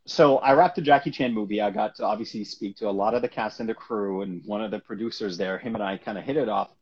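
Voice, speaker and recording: Husky man telling a lively anecdote. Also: fairly low pitch, fast talker. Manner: animated, laughs often, acts out quoted people. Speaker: actor guest. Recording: dull lo-fi recording.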